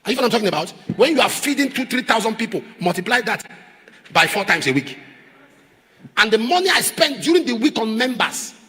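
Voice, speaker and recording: A man preaching a sermon as a pastor, emphatic, repeating phrases and rising to shouts. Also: extremely high pitch, sing-song, fairly quick, husky, big-room sound. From Nigeria.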